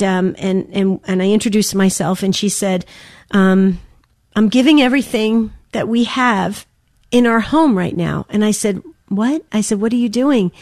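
Woman, radio pledge-drive host, earnest, emotional, slightly under the weather, higher voice, dry studio sound. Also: darkish tone, dry recording. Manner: earnest, emotional storytelling with many restarts.

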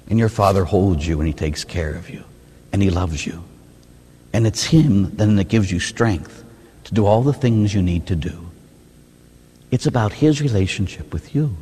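A man, a Catholic priest, preaching a sermon in an animated, rhetorical way, often asking "huh?". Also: mid-range voice, slightly rough. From United States. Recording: reverberant hall.

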